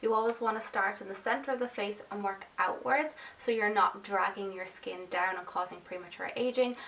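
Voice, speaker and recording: A woman's voice: medium pitch, gravelly, a bit bright, far from the mic, low-quality recording. A woman talking through her skincare routine in a chatty, casual tutorial, explaining each step with fillers like "like" and "um". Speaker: makeup vlogger. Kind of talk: casual get-ready-with-me tutorial.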